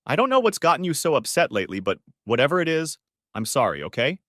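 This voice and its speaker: A man voicing a young wife in an audiobook story, speaking softly and apologetically in a raised voice. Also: fairly high pitch, very animated, fast, no room sound, studio quality, voice pushed up. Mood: placating. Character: sweet-talking unfaithful wife, young adult woman.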